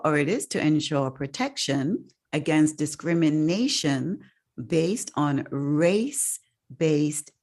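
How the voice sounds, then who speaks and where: A woman hosting a casual podcast, chatty and expressive, laughing often between points. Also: low-pitched. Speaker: podcast host.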